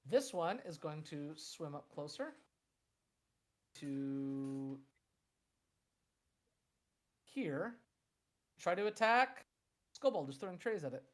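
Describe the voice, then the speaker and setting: Game master, animated and playful, calling turns. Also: mid-range voice, slow pace, long pauses. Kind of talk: running a tabletop game.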